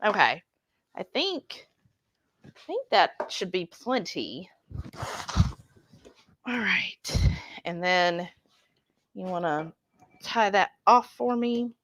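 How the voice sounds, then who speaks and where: A woman co-hosting a cooking livestream from a home kitchen, chatty and excitable, bantering as she cooks. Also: mid-range voice, slow pace, long pauses. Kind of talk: casual livestream cooking chat.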